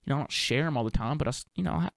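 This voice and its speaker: A man's voice: medium pitch, very fast, vocal fry, a bit bright, dry recording, studio quality. A young man hosting a solo podcast, musing in a loose, profane, laid-back way full of slang and fillers. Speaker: podcast host and touring performer. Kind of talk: rambling solo podcast monologue.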